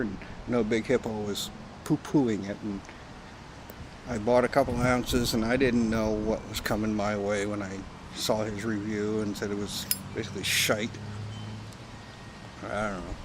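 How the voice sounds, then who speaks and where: A pipe-smoking Canadian vlogger chats at a campsite in a low, fairly even voice, speaking a little slowly. His talk rambles and jokes, with some profanity, and wind and background noise are clearly audible.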